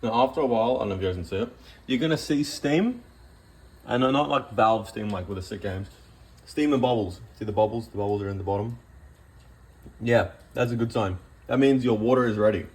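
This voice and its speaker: A man's voice: fairly low pitch, brisk. A man giving a rambling, joking cooking demonstration in a home kitchen. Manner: joking, rambling, self-deprecating. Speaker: cooking vlogger.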